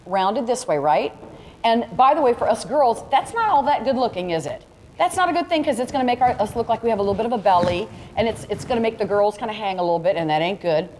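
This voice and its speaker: Speaking quickly and with animation, this woman teaches a photography workshop to a live audience in a large room, talking in a chatty, direct way while guiding students through demonstrations. Her pitch is fairly high and her tone darkish. Faint ambient noise sits in the reverberant hall sound.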